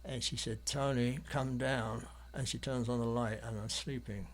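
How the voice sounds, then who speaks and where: A man's voice: medium pitch, fairly even intonation, fairly quick. An English man from London, an artist guest in an interview, telling stories in a rambling, hesitant way with many ums and restarts. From London, England. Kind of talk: anecdotal storytelling in an interview.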